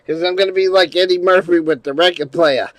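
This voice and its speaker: A man live streaming in casual chat, rambling and swearing, going from mumbles to loud rants. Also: high-pitched, brisk, dry recording, poor audio. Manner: rambling, profane, shifts from mumbling to loud ranting.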